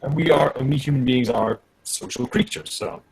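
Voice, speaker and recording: A man chatting casually as a guest on a live video call, talkative and quick to share news and opinions. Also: medium pitch, creaky, slight background noise, rough recording. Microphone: home computer mic on video call.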